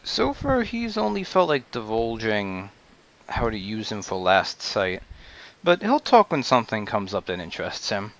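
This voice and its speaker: A man with a lowish voice that moves a lot in pitch plays a character at a tabletop game. He switches between lines spoken in character and plain out-of-character remarks. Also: sing-song, normal speed, fairly bright tone, rough recording. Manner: speaks partly in character, partly out of character. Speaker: player. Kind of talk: casual tabletop role-play.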